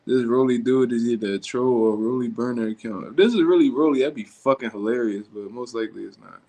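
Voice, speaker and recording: A man hosting a livestream who reacts to chat with blunt, slang-heavy, profane talk. His voice has a medium pitch and a loose, off-the-cuff delivery. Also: fast, dark tone. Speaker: livestream host.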